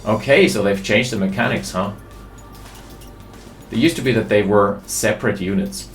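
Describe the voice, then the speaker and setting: Excitable male game caster, lowish voice, roomy sound, faint music behind. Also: moderate pace. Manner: excitable, thinking aloud. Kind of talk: live game commentary.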